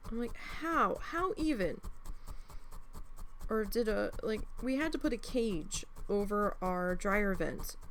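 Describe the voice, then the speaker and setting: A young woman talks casually at home as she works on a craft, spinning rambling household stories and cursing freely. Her voice sits at an ordinary middle pitch, with a faint noise in the background. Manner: chatty, swears freely, tells stories with sound effects. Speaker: crafting vlogger. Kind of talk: casual chat while needle felting. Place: home, indoors.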